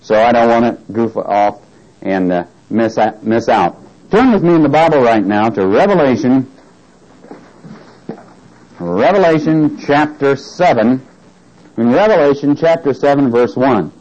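A man's voice: mid-range voice, animated, a little slow, pauses often, a little mellow. A man preaching a Bible study sermon, reading scripture aloud, joking and asking his congregation questions. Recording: dull lo-fi tape recording.

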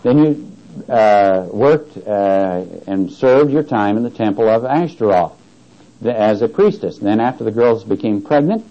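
Questioning preacher on a dull recording. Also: male voice, lowish voice, expressive, measured pace. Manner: asks the congregation questions and waits for answers; reads scripture aloud with rising emphasis. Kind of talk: Bible teaching sermon.

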